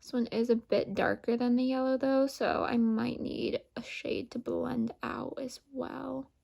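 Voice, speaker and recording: Woman, beauty vlogger, makeup tutorial narration, calm step-by-step, heavy vocal fry, slow-paced. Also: fairly high pitch.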